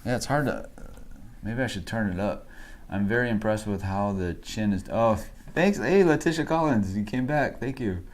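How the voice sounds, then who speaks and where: A man livestreaming a portrait drawing, thinking aloud in a relaxed, rambling way, chatting with viewers and laughing often. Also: fairly low pitch, normal speed. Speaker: art instructor livestreaming a drawing. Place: home art studio.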